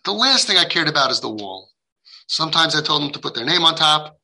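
A man with a fairly high, creaky, sharp voice gives a heartfelt lecture to parents, very animated and brisk. He speaks emphatically, acts out the dialogue he quotes, and sprinkles in Hebrew and Yiddish religious terms, though the audio is poor.

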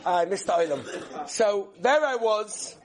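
A man's voice: high-pitched, expressive, slow pace. A man, a rabbi, giving a live class, rambling and joking with his listeners between points. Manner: rambling, chatty storyteller who jokes with the room. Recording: live room with audience crowd. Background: audience murmuring and laughing.

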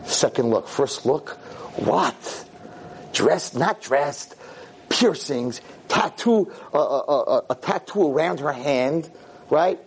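Sprinkling in Yiddish and Hebrew, a middle-aged rabbi animatedly narrates a story for a convention crowd, voicing each character with large leaps in pitch. His delivery is slow, and a faint hiss or hum sits under the recording.

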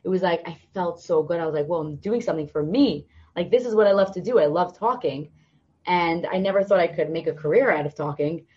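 Speaking a little fast in a lowish, slightly rough voice, a young woman tells stories as a podcast guest. The recording is muffled, and she enlivens her conversational tales by voicing the people in them.

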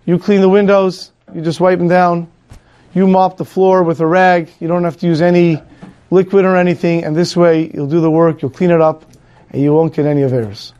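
A man's voice: a little high, little pitch movement, fairly quick, dark tone, dull audio, natural voice. A man voicing a steadfast Jewish camp capo who speaks firmly and plainly.

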